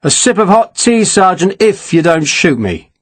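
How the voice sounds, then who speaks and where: A man's voice: high-pitched, very animated, normal speed, voice pushed up. A man voicing a battle-hardened army captain who talks in a dry, clipped, matter-of-fact way in an audiobook.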